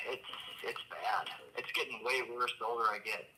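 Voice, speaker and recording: A man's voice: mid-range voice, expressive, moderate pace, gravelly, pushed and bright, rough recording. A man in his thirties calling in by phone, hesitant and unsure of himself. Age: 30s. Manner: hesitant, unsure, self-deprecating. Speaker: caller. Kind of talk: phone-in call. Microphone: phone line.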